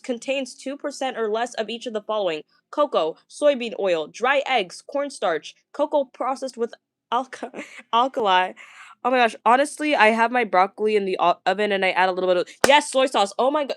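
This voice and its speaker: A woman vlogger reads viewer comments during a casual livestream, chatty and gushing as she answers them, stuttering and stumbling with many fillers. Her voice is slightly high and expressive, at normal speed, with no room sound.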